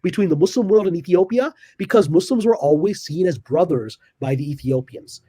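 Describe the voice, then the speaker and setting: A middle-aged man retelling a piece of history with lively energy, acting out the speakers' lines with big jumps in pitch. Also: a little fast, husky, dry recording. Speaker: guest storyteller. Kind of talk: animated historical storytelling.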